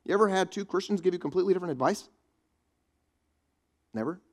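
Male pastor, somewhat high voice, casual joking sermon delivery. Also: fast. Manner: conversational preaching with quips to the congregation.

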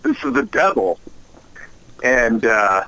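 A man's voice: medium pitch, huge pitch swings, slow pace, gravelly, bright, forceful tone, heavily acted. A man voicing the devil on a phone call, dopey and meandering, nothing like a fiery monster. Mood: menacing. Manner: meandering, folksy threats. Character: dopey, unassuming male devil. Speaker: caller.

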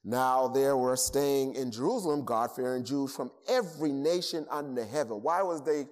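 A man's voice: medium pitch, normal speed, a little mellow. Preaching man with a Boston accent. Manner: emphatic, repeats words for emphasis. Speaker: pastor. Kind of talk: sermon. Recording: long hall reverb.

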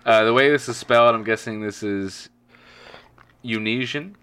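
A man's voice: mid-range voice, normal speed, bright, forceful tone, clear, resonant tone. A man co-hosting a podcast, teasing the others and reading out odd findings. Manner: goofy, teasing, reads research aloud. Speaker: podcast co-host. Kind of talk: casual chat.

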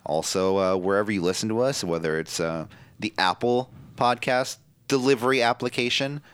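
A man's voice: on the low side, normal speed, a bit bright, clear, resonant tone, no echo. A man hosting a casual wrestling podcast, playful and rambling, often stumbling over his words. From Ireland. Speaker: podcast host.

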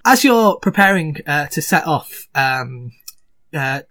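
A man's voice: on the high side, sing-song, takes it slowly, bright, forceful tone. A man narrating a tabletop game as game master, rambling with many fillers.

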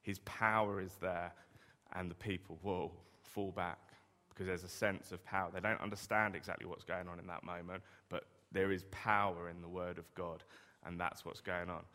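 A man's voice: low voice, level tone, a little fast, pushed and bright. A man preaching a sermon in a conversational way, often asking the listeners rhetorical questions. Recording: long reverb of a hall.

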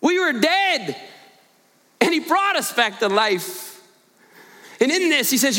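A man as guest preacher giving an earnest, animated storytelling sermon in a church, with joking asides to the congregation. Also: extremely high pitch, slow pace, pauses often, in a large hall. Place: church sanctuary.

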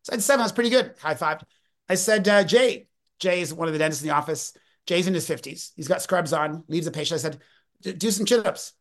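Telling energetic stories as a podcast guest, this man in his fifties often interrupts himself and restarts his sentences. He speaks fast with a fairly high pitch.

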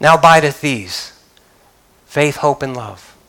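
A man's voice: on the high side, lively intonation, takes it slowly, sharp tone, rough recording. A male pastor preaching a church sermon, reading scripture aloud and questioning his congregation.

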